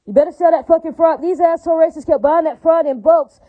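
A woman's voice: very high voice, quick pace, phone-quality sound. A woman in an angry, profane monologue rant, repeating the same warnings again and again. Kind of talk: ranting monologue.

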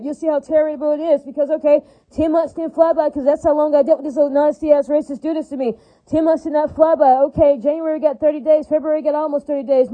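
A woman's voice: high voice, narrow, tinny audio. A woman in an angry, profane monologue rant, repeating the same warnings again and again. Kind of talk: ranting monologue.

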